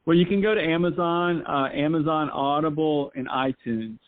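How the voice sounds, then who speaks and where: A man's voice: a little high, moderate pace. A man from North Carolina, a golf instructor guest chatting casually in an interview and rambling with frequent restarts. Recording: tinny phone line.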